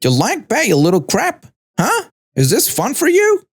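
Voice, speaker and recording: A man's voice: on the high side, wildly swooping pitch, a little slow, gravelly, heavily acted. A man voicing a hostile, entitled middle-aged woman who screeches with contempt during a story narration. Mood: shrieking.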